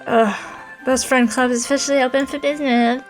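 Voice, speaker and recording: A woman's voice: high-pitched, steady tone, brisk, faint music behind. A woman hosting a gaming show, reading a visual novel aloud with playful, sarcastic asides. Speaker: gaming host playing a story game.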